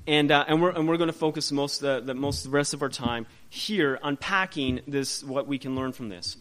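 Guy leading a chill bible study, kinda high voice, lots of restarts and "can you imagine" questions. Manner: casual and animated, with many restarts and rhetorical questions. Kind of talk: informal Bible teaching.

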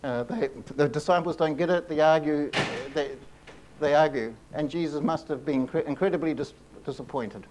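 A man preaching a sermon in an earnest way, often repeating and restarting phrases and slowing down to stress key lines. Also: a little high, a little mellow, slight background noise. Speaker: pastor.

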